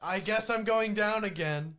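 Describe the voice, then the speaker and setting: A man's voice: high-pitched, unhurried, bright, forceful tone, slight background noise. A man playing a tabletop game, casual and a little hesitant. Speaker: player.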